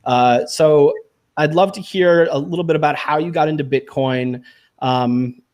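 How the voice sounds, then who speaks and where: A man's voice: on the high side, unhurried, a little mellow. A man hosting a podcast, upbeat and jokey, poking fun at himself. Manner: upbeat, jokey, self-deprecating. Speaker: podcast host. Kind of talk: enthusiastic show intro and casual chat.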